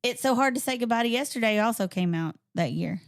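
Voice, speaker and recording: A woman's voice: fairly high pitch, animated, fast talker. Laughing, playful woman podcast co-host. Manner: laughs often, playful and emphatic in arguing. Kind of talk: casual chat.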